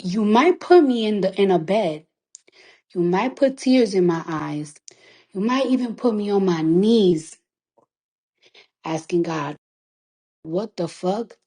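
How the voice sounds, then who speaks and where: Speaking a little slowly with long pauses, this woman has an animated, mellow, medium-pitched voice. She is a recording artist talking through tears on a phone livestream, an emotional monologue that is emphatic and defiant, full of swearing and repeated lines driven home.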